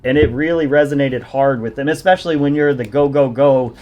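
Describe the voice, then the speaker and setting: A man hosting a casual podcast chat, telling stories from his coaching work at length. He rambles and pokes fun at himself along the way. His voice sits at a middle pitch. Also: brisk, muffled recording, slight background noise. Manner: rambling, self-deprecating storytelling. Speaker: fitness coach and podcast host.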